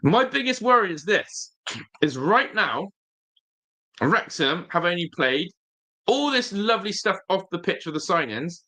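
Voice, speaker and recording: A man's voice: high voice, sing-song, unhurried, pushed and bright. A man hosting a casual football fan stream, talking straight to viewers, emphatic and often repeating his phrases. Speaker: football fan channel host.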